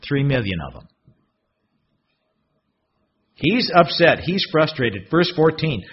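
A man preaching a sermon in a husky voice, expressive and fond of rhetorical questions. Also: on the high side, slow pace, long pauses. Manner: expressive, rhetorical questions, swings from loud to hushed. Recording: dull lo-fi recording.

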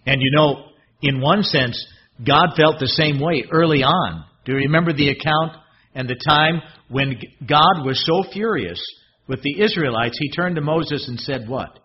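A man preaching a sermon in a husky voice, expressive and fond of rhetorical questions. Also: fairly high pitch, moderate pace. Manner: expressive, rhetorical questions, swings from loud to hushed. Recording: dull lo-fi recording.

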